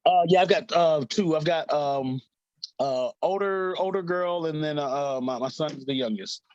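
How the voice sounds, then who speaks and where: A man's voice: fairly high pitch, moderate pace, a little mellow, no echo, lo-fi sound. Chatty man with lots of fillers. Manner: rambling, laughs often, many fillers. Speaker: guest, fighter. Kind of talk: casual interview chat.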